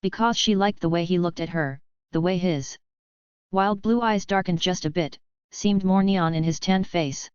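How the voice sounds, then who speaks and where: A woman narrating a romance audiobook in a measured, unhurried way, close to the mic on a slightly dull recording. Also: on the low side, smooth, no room sound.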